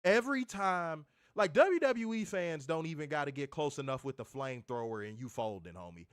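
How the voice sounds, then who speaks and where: A man's voice: fairly high pitch, animated, brisk, clean tone, no echo, studio quality. A man co-hosting a wrestling review show, ranting in casual, profane talk and repeating words as he gets heated. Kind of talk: casual podcast rant.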